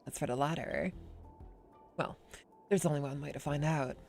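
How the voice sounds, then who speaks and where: A man's voice: fairly high pitch, fairly even intonation, moderate pace, gravelly, a little mellow, soft background music. A man voicing an aloof female genius scientist with a dry, matter-of-fact delivery.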